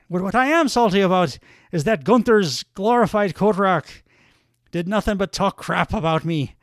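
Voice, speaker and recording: A man voicing a brash, boastful wrestler, talking loud trash. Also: high voice, dry recording, clean studio sound, voice pushed up. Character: impression of brash male Irish wrestler.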